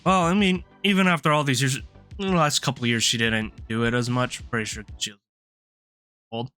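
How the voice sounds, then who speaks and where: Man, streamer, casual rambling storytelling, bright tone, faint background music. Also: medium pitch, fairly even intonation, a little fast. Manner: rambling, laughs often, restarts sentences.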